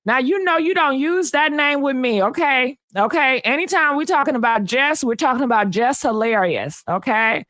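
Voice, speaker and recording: A woman hosting a live gossip stream, sassy and animated, chatting with viewers and answering comments. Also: high voice, normal speed, few pauses, no room sound. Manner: sassy, animated, calls viewers honey and baby, laughs often. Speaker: host of a live gossip channel. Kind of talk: casual live-stream chat reading comments.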